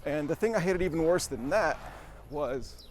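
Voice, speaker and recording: A man with a slightly high voice talks while riding a bike on a city street. He is out of breath and tells a rambling story, poking fun at himself and chuckling. Faint traffic hums behind him. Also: expressive, moderate pace. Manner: rambling, self-deprecating, chuckling. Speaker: vlogger. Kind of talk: casual storytelling while cycling.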